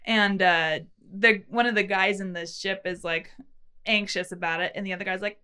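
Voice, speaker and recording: Bright animated young woman. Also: mid-range voice, moderate pace, clear, resonant tone. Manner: animated, swears a lot, acts out scenes in silly voices. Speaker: podcast co-host. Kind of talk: casual chat.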